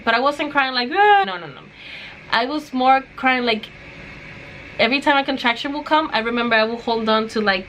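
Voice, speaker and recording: A woman's voice: a little high, bright, forceful tone, a little hiss or hum, poor audio. A young woman chatting casually to her vlog viewers, telling a story and acting out what others said. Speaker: vlogger.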